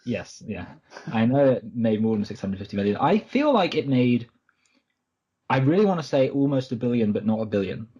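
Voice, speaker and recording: A man's voice: mid-range voice, big pitch swings, moderate pace, dark tone, slightly rough, lo-fi sound. A man co-hosting a film podcast, chatting casually and correcting himself as he rambles through stories. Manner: rambling, self-correcting storyteller. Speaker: podcast co-host.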